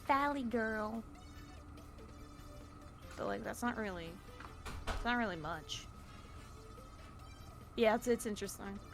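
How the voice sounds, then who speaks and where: A woman chatting casually on a stream, animated and giggly, often trailing off mid-thought. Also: mid-range voice.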